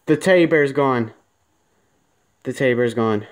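A man's voice: mid-range voice, a little slow, pauses often, background noise. A man giving let's-play commentary, jumpy and panicky, repeating himself and talking straight to his viewers. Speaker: gaming video creator.

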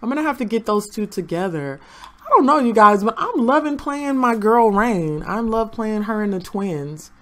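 A woman's voice: a little high, lively intonation, normal speed. A young woman chatting through her gameplay and talking to the game characters. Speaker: gaming channel host. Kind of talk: casual gameplay commentary.

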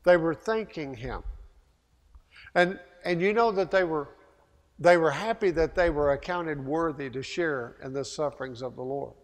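A man preaching a sermon as pastor, emphatic, with repeated rhetorical questions and loud peaks. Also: on the high side, normal speed. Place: church sanctuary. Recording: long hall reverb.

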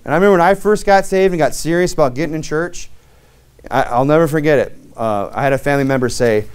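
A man's voice: medium pitch, quick pace, darkish tone, smooth. A young American man preaching a sermon as pastor, in a conversational, folksy way with plenty of fillers and restarts.

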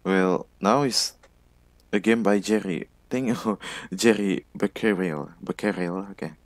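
A man giving halting, nervous commentary while playing a game. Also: sits low, dry recording. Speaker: game player. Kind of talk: let's play commentary.

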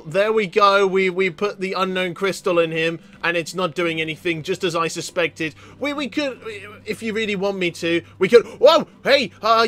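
A young man giving excited gameplay commentary, stammering and breaking into high yelps. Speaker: gaming YouTuber.

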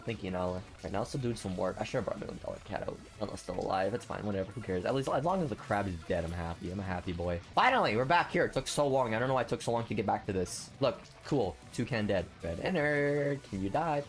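A man hosting a gaming channel, giving live commentary on his play in a slangy, casual way, grumbling at the game and swearing freely. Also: on the low side. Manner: excitable, grumbling then cheering loudly. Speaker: video game channel host.

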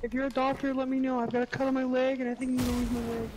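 A woman's voice: high-pitched, flat delivery, rapid-fire. A woman streamer chatting and joking with friends while playing a shooter game, often giggling. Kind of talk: casual gaming chat. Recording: noisy gaming stream.

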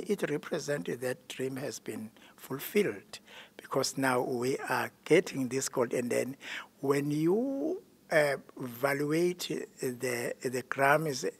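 A man from South Africa, a singing group member, giving halting interview answers. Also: mid-range voice, lively intonation, vocal fry, slightly rough. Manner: halting, searching for words.

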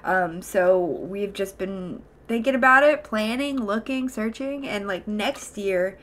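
A woman's voice: medium pitch, slow, a bit bright. A young woman streaming, chatting casually to her viewers in a rambling way with lots of fillers and restarts. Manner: chatty, rambling, with frequent fillers and self-corrections.

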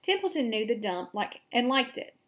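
A woman teacher reading a children's chapter book aloud to her class, steady and clear. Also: on the high side, normal speed.

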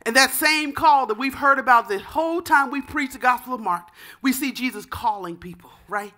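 Woman preacher, high bright voice, fervent sermon with shouted calls. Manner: softer, measured teaching tone. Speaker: pastor.

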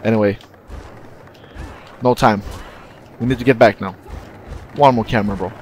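A young man casually commentating his own gameplay, excitable and profane, often jumping into loud yelps. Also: on the low side, normal speed, slight background noise. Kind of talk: let's-play commentary.

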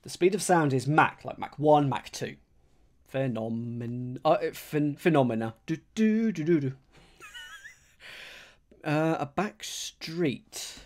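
A man chats casually on a live stream. He mulls things over out loud, repeats phrases to himself and talks straight to his audience in a relaxed, conversational way. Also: mid-range voice. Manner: thinks aloud, rereads clues slowly, chatty with viewers. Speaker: streamer solving a crossword.

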